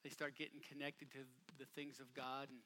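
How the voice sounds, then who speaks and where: A man preaching a sermon at a youth camp, casual and repetitive, building from quiet talk to shouting bursts. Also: mid-range voice, little pitch movement, fairly quick. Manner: casual, repeats phrases for emphasis. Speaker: youth pastor. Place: camp meeting hall.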